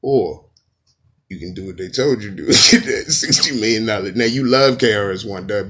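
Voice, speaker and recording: A man's voice: lowish voice, normal speed, long pauses, a bit bright. A man doing a rambling, profane comedic rant as a podcast host.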